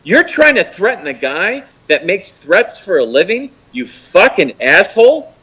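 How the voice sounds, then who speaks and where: A fairly high-voiced American man calls in and rants, his pitch leaping and dropping as he mocks someone. He swears freely and his tone stays scornful throughout. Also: a little slow, breathy edge, rough recording. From United States. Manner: profane, mocking, animated ranting. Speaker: caller. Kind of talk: heated call-in rant.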